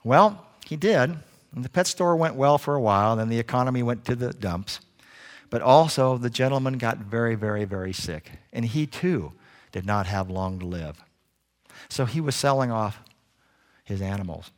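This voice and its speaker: A male preacher telling a story from the pulpit, his pitch rising and falling with the tale. His delivery is animated and expressive, and his voice sits at a middle pitch. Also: moderate pace. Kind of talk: sermon storytelling.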